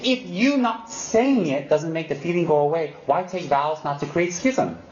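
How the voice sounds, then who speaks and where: A man teaching Buddhism in an unscripted talk, his fairly high voice lively and teasing as he mimics excuses and hammers home warnings. The recording is roomy and a little dull, with a faint hiss underneath. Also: moderate pace. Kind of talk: unscripted dharma talk to students.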